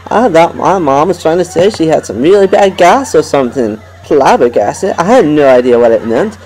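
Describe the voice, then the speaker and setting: A man's voice: on the high side, animated, normal speed, a little mellow, poor audio. Guy hosting a homespun comedy radio bit, rambly, chuckles at his own jokes. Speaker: host. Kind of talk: homemade comedy radio show.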